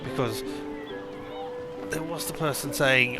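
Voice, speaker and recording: A man's voice: mid-range voice, moderate pace. Man musing through a detective game. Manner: muttering thoughts aloud, reading options. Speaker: let's play host. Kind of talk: casual game commentary. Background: game music.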